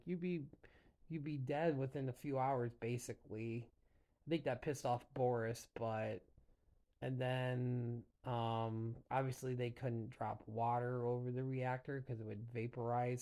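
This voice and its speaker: A man's voice: medium pitch, vocal fry, darkish tone. A young man casually recapping a TV episode, rambling with lots of fillers. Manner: rambling, filler-heavy retelling. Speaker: show reviewer.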